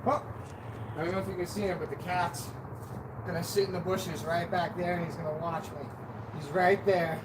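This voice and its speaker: A man's voice: high voice, steady tone, moderate pace. A man chatting casually and joking on a live stream from an outdoor deck, sometimes a little out of breath. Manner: chatty, joking, self-deprecating. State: out of breath at times. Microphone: camera on a stand. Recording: outdoor noise behind the voice. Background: birds and wind.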